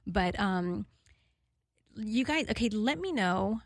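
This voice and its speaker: A woman's voice: mid-range voice, lively intonation, takes it slowly, no room sound, studio quality. Candid, chatty woman in her forties hosting. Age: 40s. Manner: rambling and candid, laughing often, frequent fillers. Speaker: radio show host. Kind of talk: casual chat to listeners.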